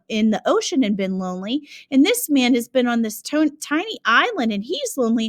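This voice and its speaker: A woman teacher giving a lesson, speaking clearly and patiently and asking her students questions. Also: high-pitched. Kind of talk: classroom lesson narration.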